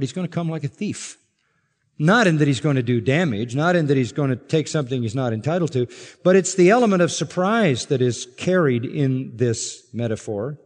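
A man's voice: medium pitch, a little mellow, in a large hall. A male pastor preaching an expository sermon, reading scripture aloud and building to emphatic peaks on key lines.

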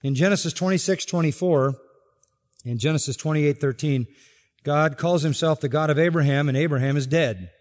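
A man's voice: a little high, normal speed. Emphatic preacher man in a reverberant hall. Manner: emphatic, swings between quiet asides and loud stressed quotes. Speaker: pastor. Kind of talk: expository sermon.

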